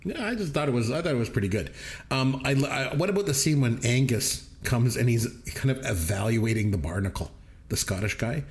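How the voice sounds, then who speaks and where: A man's voice: mid-range voice, expressive, fairly quick. Guy on a movie podcast, laughs a lot telling the scenes, easygoing chat. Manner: laughs often while retelling scenes. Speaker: podcast co-host. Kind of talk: casual movie review chat.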